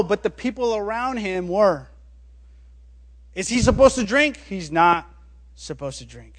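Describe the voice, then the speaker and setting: A man preaching a sermon as a pastor, telling a story with animated rises and quiet, low drops on key words.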